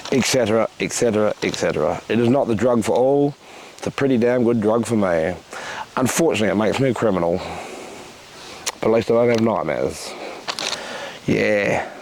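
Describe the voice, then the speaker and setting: A man's voice: mid-range voice, a little mellow, slight background noise. A middle-aged Australian man from Western Australia reads his own poetry, with blunt, crude asides between poems. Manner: slow, deliberate recitation with blunt, crude asides. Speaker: poet. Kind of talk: poetry reading with spoken asides.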